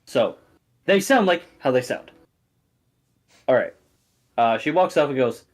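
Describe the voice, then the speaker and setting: A young man narrating as game master, relaxed, with lots of fillers. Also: medium pitch, measured pace, long pauses. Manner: relaxed, frequent fillers, laughs easily.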